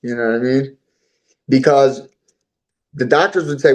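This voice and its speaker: A man as an interview guest, telling his own story in a voice of average pitch. He talks on earnestly and at length, and he often repeats and restarts his words. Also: unhurried, low-quality recording. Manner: earnest, talkative, repeats himself.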